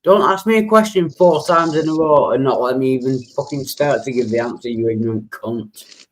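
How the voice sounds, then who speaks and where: A male livestream host with an average-pitched voice. He answers in short, blunt replies, grows irritable and swears. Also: normal speed, low-quality recording. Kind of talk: casual chat.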